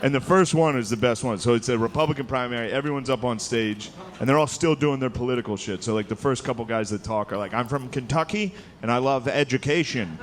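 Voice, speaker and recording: A man's voice: medium pitch, fast, few pauses. A man performing a stand-up comedy set, telling stories in a loose, conversational way into a handheld mic at a large live venue. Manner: loose, conversational storytelling with frequent "dude" and "like". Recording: live stage recording with clear crowd noise. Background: audience laughter and room ambience.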